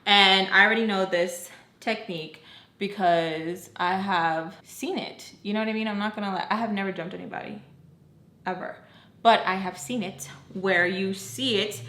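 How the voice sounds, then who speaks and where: A young woman telling a personal story to her viewers in a chatty, animated way, full of fillers and acted-out quotes. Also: mid-range voice, moderate pace, reverberant. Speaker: storytime vlogger. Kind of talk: casual storytelling.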